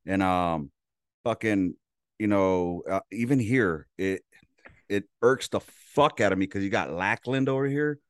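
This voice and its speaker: A man's voice: fairly low pitch, unhurried, clean tone, no echo, clean studio sound. A man from Los Angeles, a veteran hosting a casual chat, laid-back and profane while telling his stories. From Los Angeles, California. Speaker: podcast host, veteran.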